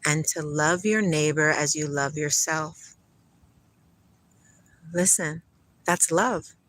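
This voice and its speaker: A woman's voice: sits low, slow, fairly bright tone, slight background noise. A middle-aged woman vlogging a rambling spiritual monologue, laughing often and talking to her parrot.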